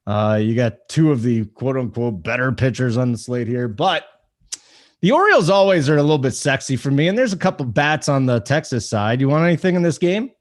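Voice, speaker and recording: Lively laid-back male podcast host. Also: medium pitch, brisk. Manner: laid-back, teasing, runs the segments. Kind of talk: casual podcast chat.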